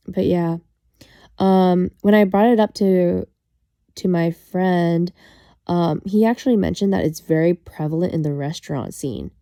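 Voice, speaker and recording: A woman's voice: on the low side, dark tone. Female streamer, casual chat, rambly and self-conscious, lots of restarts and fillers. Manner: self-conscious, apologetic aside. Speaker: livestream host.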